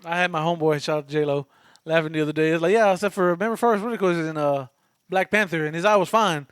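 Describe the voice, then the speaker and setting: High-pitched man joking through a movie recap. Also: fast talker, a bit bright, clear, resonant tone, dry recording, studio quality. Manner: profane, joking, quotes characters in funny voices. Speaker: podcast co-host. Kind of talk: casual film recap chat.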